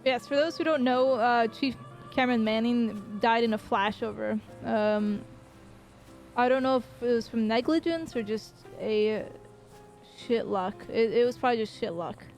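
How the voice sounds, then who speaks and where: A woman game streamer in casual chat with her viewers, loose and chatty, swearing and pausing with fillers. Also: fairly high pitch, a little mellow, soft background music.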